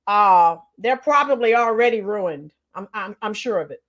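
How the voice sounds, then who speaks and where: A woman's voice: mid-range voice, animated, normal speed, fairly bright tone. A woman giving scornful, sarcastic reaction commentary on bodycam footage.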